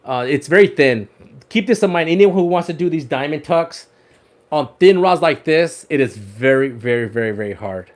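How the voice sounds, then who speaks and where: A man with a slightly high voice hosts a fishing livestream. He chats casually while showing off his rod wraps, repeats words and laughs often. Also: expressive, moderate pace.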